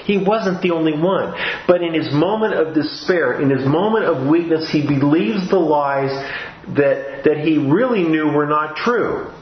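A man's voice: on the high side, animated, unhurried, slight background noise. Man preaching in a roomy church. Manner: earnest, with frequent restarts and repeated phrases. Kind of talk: sermon. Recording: roomy, dull-sounding recording.

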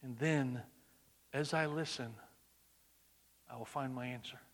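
A man preaching a sermon, swinging between loud emphatic bursts and hushed, near-whispered lines. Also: mid-range voice, a little slow.

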